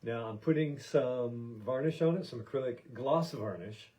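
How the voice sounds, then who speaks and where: A man's voice: medium pitch, moderate pace, warm tone, rough recording. An American man hosting a podcast, talking in a casual, meandering way with many fillers and restarts. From United States. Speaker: podcast host. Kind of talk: casual rambling monologue.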